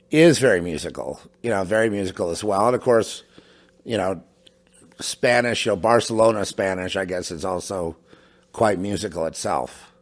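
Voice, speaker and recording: A middle-aged man from a home studio, rambling in a casual monologue, halting with many restarts and asides. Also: fairly low pitch. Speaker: podcast host. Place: home in New Mexico.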